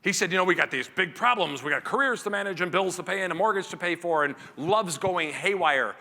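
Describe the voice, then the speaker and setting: A man delivers a motivational keynote to a conference crowd. His high voice swings widely and sounds bright and forceful. It rings through a large hall with a long reverb tail. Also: brisk. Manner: animated, acts out family scenes in character voices. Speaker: keynote speaker.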